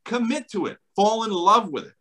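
A middle-aged man with a New Jersey accent talks with eager conviction. His voice sits a little high and bright, and it swings widely as he stresses his points. He is an enthusiastic interview guest who laughs often. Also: expressive, moderate pace, poor audio. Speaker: chiropractor guest. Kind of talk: animated interview talk.

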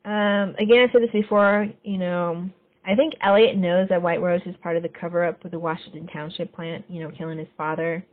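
A woman hosting a podcast, casually recapping a TV episode scene by scene and getting lively when she quotes the characters. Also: on the low side, brisk. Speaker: podcast host. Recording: phone-like narrow sound.

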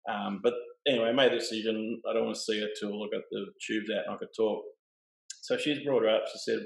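A middle-aged man, telling a personal story in a relaxed, plain-spoken way. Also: fairly low pitch, fast talker, gravelly. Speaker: guest. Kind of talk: casual storytelling. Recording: roomy echo.

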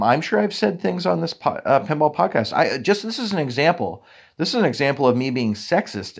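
A man in his thirties hosting a podcast, telling a long rambling story about himself in a casual, self-deprecating way. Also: lowish voice. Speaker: podcast host. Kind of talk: casual monologue.

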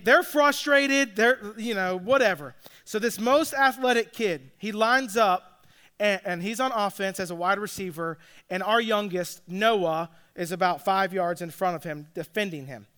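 A man's voice: sits high, pushed and bright, smooth. A man who coaches youth flag football and is a father, telling a story casually and checking in with his listeners as he goes. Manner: chatty, checks in with listeners with "all right?" and "like".

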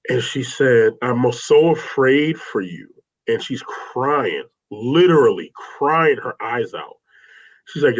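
A man talking as an interview guest, telling personal stories in an earnest, rambling way with many restarts. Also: medium pitch. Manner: heartfelt, rambling with restarts, says "man" often. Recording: slightly dull lo-fi sound.

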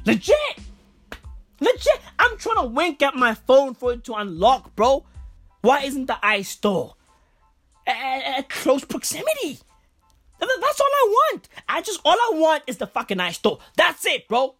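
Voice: sits high, sing-song, moderate pace, a bit bright, faint music behind. A vlogger ranting casually, with heavy slang, constant swearing, and stammered restarts. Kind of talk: casual profane rant.

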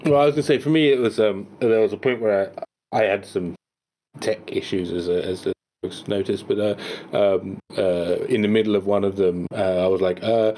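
A man's voice: fairly low pitch, fairly even intonation, brisk, warm tone, slight background noise. A man in casual post-game chat over an online call, talking with many fillers and restarts. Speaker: game master. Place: home setup in Singapore, online call.

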